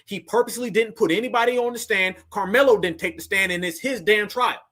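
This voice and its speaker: A man's voice: high voice, fairly bright tone, slightly rough. A man hosting a reaction commentary, talking fiery and preachy and calling his listeners family. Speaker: commentary channel host.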